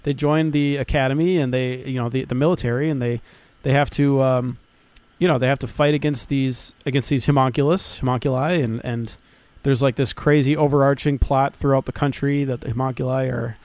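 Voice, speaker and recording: A young man co-hosting a podcast in casual chat, talking excitedly, swearing often and restarting his sentences. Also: medium pitch, brisk, hardly any pauses, dry recording. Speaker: podcast co-host.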